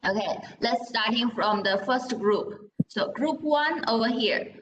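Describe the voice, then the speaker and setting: A woman leads a language class in a roomy, echoing space. She speaks a little high and stays patient. She demonstrates sounds slowly for students to copy and keeps checking in with a gentle "okay?". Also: highs cut off, noisy background. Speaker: Mandarin teacher. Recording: roomy echo.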